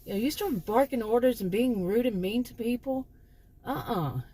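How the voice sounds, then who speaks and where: On her own channel, a woman who used to teach sociology tells a rambling personal story in a chatty storytelling monologue, restarting often. Her fairly high voice is mellow and slightly rough, at a moderate pace.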